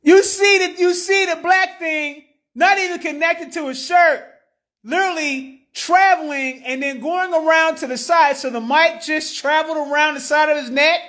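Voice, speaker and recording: A woman talks straight to her live-stream viewers in loose, slangy commentary. She is animated and quick to laugh, and she argues her point with playful disbelief. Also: sits high. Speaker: livestream host.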